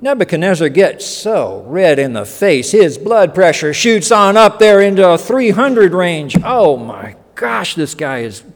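A pastor preaching a sermon in a folksy, joking way, acting out quotes, in a church hall. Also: male voice, high-pitched, measured pace, few pauses, slight background noise. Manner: folksy, animated, joking asides and acted-out quotes.

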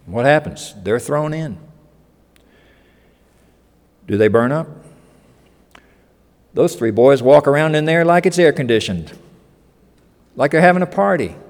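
A pastor preaching a sermon in a folksy, joking way, acting out quotes, in a church hall. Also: male voice, fairly high pitch, normal speed, long pauses. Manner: folksy, animated, joking asides and acted-out quotes.

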